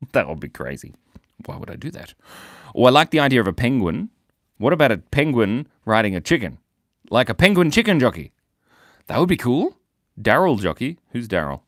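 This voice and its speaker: A man's voice: mid-range voice, no room sound, clean studio sound. A young man hosting a casual live stream, chatting playfully with viewers as he draws and reads out their comments. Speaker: livestream host drawing for viewers.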